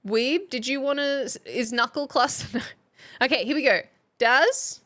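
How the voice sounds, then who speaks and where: Woman streamer, young adult, unhurried and fairly high, reads chat aloud with frequent laughs. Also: a bit bright. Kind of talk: casual live-stream chat.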